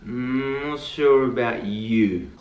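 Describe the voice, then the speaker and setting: A man's voice: mid-range voice, slow, dull audio, heavy background noise. A man chatting in a casual comedic vlog, joking and rambling playfully. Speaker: vlogger. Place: Dubai.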